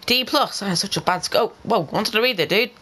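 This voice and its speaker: A young man giving excitable let's-play commentary, talking to the game and to his viewers and bursting into yells. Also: sits high, quick pace, a little hiss or hum, rough recording. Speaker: gaming channel host.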